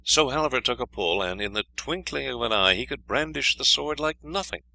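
A man reading a fairy tale aloud in an expressive, lively storytelling manner. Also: medium pitch, moderate pace, creaky, poor audio. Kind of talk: scripted fairy-tale narration.

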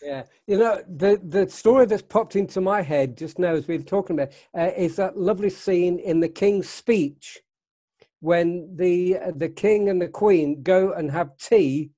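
A man's voice: high-pitched, unhurried, warm tone, no room sound, studio quality. A man talking casually in a church discussion, hesitant and searching for words. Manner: hesitant, many fillers and restarts. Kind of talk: casual chat.

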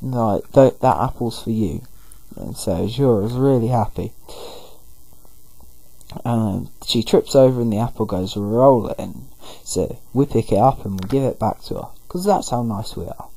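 Male let's-player, slightly husky and dry-close, rambling casual commentary. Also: lowish voice, mellow, no room sound, poor audio. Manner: rambling, paraphrases characters in quick throwaway voices. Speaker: gameplay commentator.

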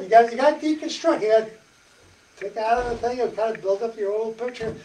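A man's voice: sits high, expressive, moderate pace, darkish tone. A man giving a folksy church study-group talk, chatting and acting out dialogue with laughs. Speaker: parish presenter. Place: church meeting room. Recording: echoey church hall from far off, faint hiss.

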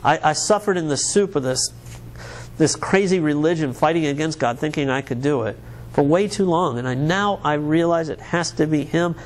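A man's voice: a little high, moderate pace. Earnest American man preaching a sermon. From United States. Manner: conversational, earnest, with repeated restarts. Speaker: pastor.

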